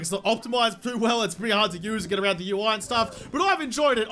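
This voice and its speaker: A man giving casual, excitable commentary on his gameplay, chatting to the game's animals as he plays. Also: very high-pitched, noisy background. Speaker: gaming channel host.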